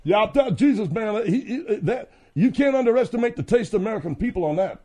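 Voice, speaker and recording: A man's voice: high voice, animated, fast talker, mellow, pitched above the performer's own voice. A man voicing a wisecracking male radio sidekick who teases the host with mocking impressions.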